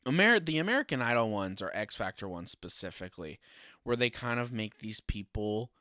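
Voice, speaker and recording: A man's voice: on the low side, lively intonation, brisk, sharp tone, no echo, clean studio sound. A young man hosting a casual solo podcast, ranting with sarcasm and swearing and laughing often. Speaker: podcast host.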